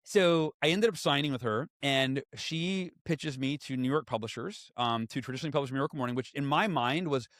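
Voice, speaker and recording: A man in his forties telling stories as a podcast guest and author, lively and acting out what others said. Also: mid-range voice, brisk, few pauses, no room sound, clean studio sound. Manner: animated, acts out quoted voices. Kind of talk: storytelling in conversation.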